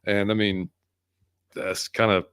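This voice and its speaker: A man's voice: fairly low pitch, level tone, takes it slowly, a bit bright, clear, resonant tone, no echo. A man talking casually about his team, rambling with restarts in a laid-back way. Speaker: co-host guest. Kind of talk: casual sports chat.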